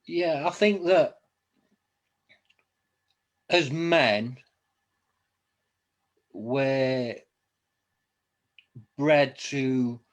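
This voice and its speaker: A man's voice: medium pitch, extremely slow, pauses often. A man hosting an interview podcast, speaking thoughtfully and adding short listening sounds. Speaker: podcast host. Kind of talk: interview chat.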